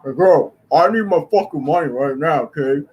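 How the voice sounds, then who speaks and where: A man's voice: a little high, animated, moderate pace, husky, muffled recording. A man voicing a pushy man who keeps demanding his money, blunt and crude.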